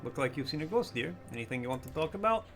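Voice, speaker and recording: Man doing motherly knitting lady, gentle, caring. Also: a little high, very animated, quick pace, soft background music. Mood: kindly. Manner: gentle and solicitous. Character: kindly older woman knitting, motherly.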